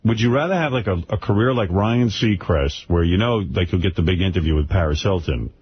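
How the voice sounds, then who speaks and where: Deep-voiced blunt radio host. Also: male voice, animated, a little fast, slight background noise. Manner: blunt, boastful, profane. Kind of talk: radio banter. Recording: muffled radio broadcast.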